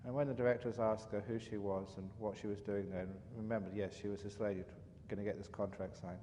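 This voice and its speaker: A man, a monk, giving a dharma talk as an animated, chatty storyteller. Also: fairly low pitch, quick pace. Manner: animated, chatty storyteller with frequent "you know". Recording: reverberant hall, faint background noise.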